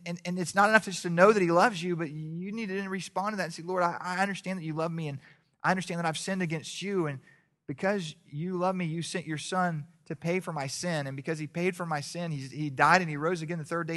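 A man preaching a sermon as a pastor in church, rising to loud exhortation and dropping to hushed storytelling, often repeating and restarting his words. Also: fairly high pitch.

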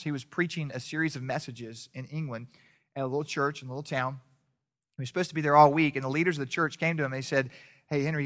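A male pastor delivering a sermon to his congregation in a church. He rises to loud, pressing exhortation and drops to a hushed storyteller's tone, often stumbling over repeated words. His voice sits at an ordinary middle pitch for a man.

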